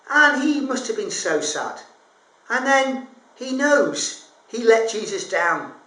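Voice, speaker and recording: A woman leading a school assembly, telling a story to children with an expressive delivery that lifts high and then drops to a hush. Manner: expressive, rises and hushes for effect. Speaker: assembly leader. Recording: echoey, roomy recording.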